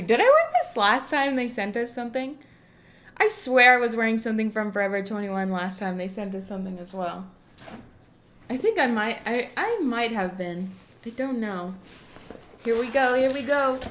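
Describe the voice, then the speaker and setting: High-voiced young woman streamer, gushing. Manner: gushing and effusive, swears casually. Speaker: live streamer. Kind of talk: casual chat with a live audience.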